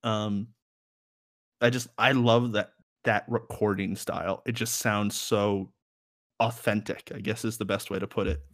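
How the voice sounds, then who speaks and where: A man's voice: lowish voice, steady tone, normal speed, fairly bright tone, dry recording, studio quality. A young man co-hosting a podcast in casual chat, rambling and laughing often. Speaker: podcast co-host.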